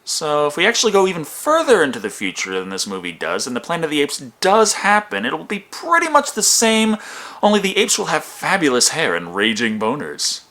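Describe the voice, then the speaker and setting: Animated, bright-voiced sarcastic male film reviewer. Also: fairly high pitch, a little fast. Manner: sarcastic, wisecracking. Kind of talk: comedic film review narration.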